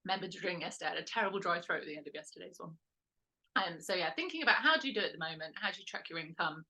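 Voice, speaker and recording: A woman's voice: fairly low pitch, lively intonation, very fast, pushed and bright. A woman hosting a lifestyle workshop, talking in a chatty, rambling way with lots of "um"s and self-corrections. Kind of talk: casual instructional talk.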